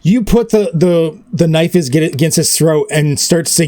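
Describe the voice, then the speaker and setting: A man runs a tabletop game, narrating in a loose, rambling way with lots of fillers. His voice sits a little high. The sound is close and dry. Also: expressive, normal speed, darkish tone, dry recording. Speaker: game master.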